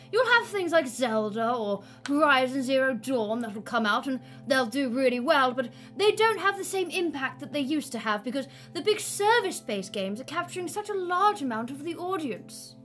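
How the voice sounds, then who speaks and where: A woman's voice: sits high, fairly bright tone. A woman putting on a snooty, affected voice to read out a quote. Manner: haughty, affected reading.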